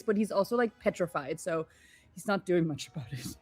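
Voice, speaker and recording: A woman playing her character in a tabletop game, talking in halting, stammering bursts. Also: medium pitch, warm tone. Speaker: player.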